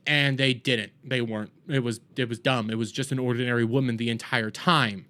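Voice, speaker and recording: A man hosting a TV review, ranting in exasperation and swinging between loud outbursts and low muttering. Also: steady tone, a little fast, hardly any pauses. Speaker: TV review host.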